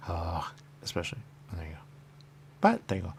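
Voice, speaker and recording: A very deep-voiced man with a gravelly, fry-filled voice rambles through a radio monologue. He repeats phrases over and over and jumps to sudden loud bursts. A faint hiss sits under his voice. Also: huge pitch swings, fairly quick. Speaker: radio host. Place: radio studio.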